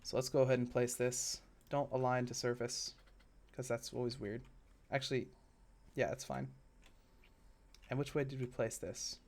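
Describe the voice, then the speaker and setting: A man streaming a park-building game live, chatting casually and rambling into side stories while he builds, with sudden excitable bursts. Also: mid-range voice, normal speed, vocal fry, long pauses.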